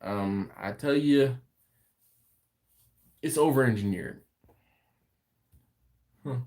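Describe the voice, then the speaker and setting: He draws out his words in a medium-pitched, darkish voice. As host of a barbecue channel's late-night home livestream, he chats casually and reads viewer comments out loud with a relaxed laugh.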